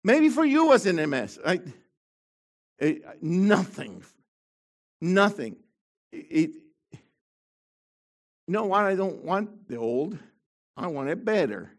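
A middle-aged man preaching a sermon with fervor, dropping to quiet asides and rising to shouted proclamations. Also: high voice, big pitch swings, unhurried, long pauses.

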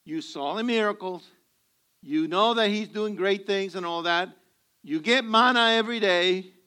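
A man's voice: high voice, a little slow, bright, forceful tone, clean tone. A male pastor preaching to a congregation, telling humorous stories and acting out bits of dialogue. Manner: humorous storytelling, acts out dialogue. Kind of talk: sermon.

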